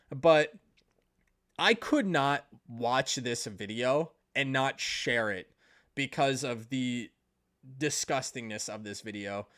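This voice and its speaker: A man's voice: mid-range voice, a bit bright. A man doing an angry commentary video, speaking bluntly and indignantly, swearing and retelling what others said. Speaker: commentary YouTuber.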